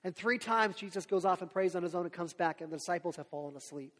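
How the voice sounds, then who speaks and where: Male pastor, high voice, chatty animated sermon, long hall reverb. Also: fast. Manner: conversational, animated storytelling.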